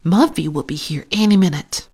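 A woman voicing an eager eight-year-old boy in a read-aloud storybook, in a bright, raised voice. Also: low voice, normal speed, slightly rough. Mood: excited.

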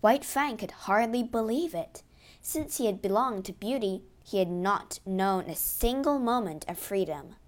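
Brief: woman narrator, storybook reading, slow and steady. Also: medium pitch.

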